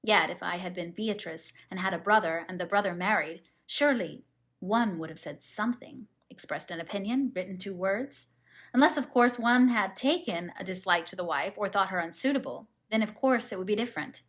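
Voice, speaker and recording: A woman's voice: medium pitch, brisk, a bit bright. Woman reading a novel aloud. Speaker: audiobook reader. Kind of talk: audiobook narration.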